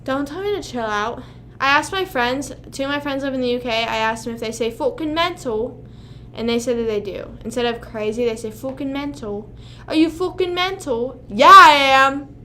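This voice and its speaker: A woman's voice: a little high, fairly quick, fairly bright tone, slight background noise. Chatty young woman streamer, swearing. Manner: rambling, swears often, talks to chat. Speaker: livestream host. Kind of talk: casual livestream chat.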